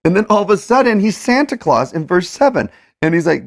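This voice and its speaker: A man co-hosting a casual scripture discussion, animated and acting out the verses in voices. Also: sits high, brisk, gravelly, few pauses. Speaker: co-host of a scripture study show. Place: indoors with a board.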